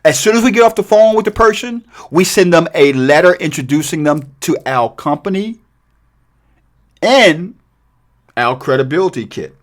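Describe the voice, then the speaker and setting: An energetic middle-aged man walks through a cold calling script, his pitch rising and falling a great deal as he stresses each point. His voice sits a little high for a man, and he slips into a lighter tone to act out sample lines for callers. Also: moderate pace. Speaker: real estate investing coach. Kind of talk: training video walkthrough.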